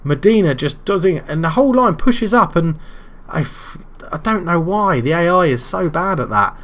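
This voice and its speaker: A British man commentating his own football management game, calm between moves and shouting loudly when his side scores. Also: on the high side, normal speed. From Britain. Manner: excitable, bursts into loud shouting at goals. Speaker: gaming YouTuber.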